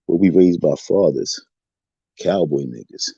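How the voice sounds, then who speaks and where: A man's voice: deep voice, measured pace, creaky, mellow, slightly rough, no room sound. A tipsy man from Queens, taunting rivals in an unscripted livestream rant full of slangy street talk. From Southside Jamaica, Queens, New York. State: tipsy from drinking. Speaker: livestream host. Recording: dull lo-fi stream audio.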